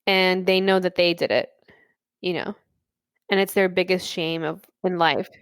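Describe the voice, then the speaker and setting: Casual woman co-host, mid-pitch and dry. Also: steady tone, moderate pace, clean tone, dry recording. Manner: loose and thinking aloud, full of "like". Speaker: podcast co-host. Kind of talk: casual chat.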